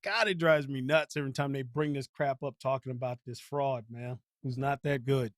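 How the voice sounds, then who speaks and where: A man's voice: medium pitch, steady tone, normal speed, no room sound, studio quality. A man hosting a live stream, ranting bluntly about sports with heavy slang and repetition. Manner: heated, blunt, slangy, repeats himself. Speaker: channel host.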